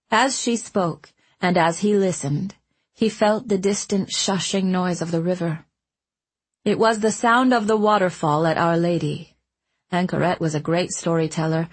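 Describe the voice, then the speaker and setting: A woman narrates a story in a calm, measured reading voice. Her delivery is slow and unhurried, with a breathy softness to the tone. Her voice sits a little low for a woman. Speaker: audiobook narrator. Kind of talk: scripted narration.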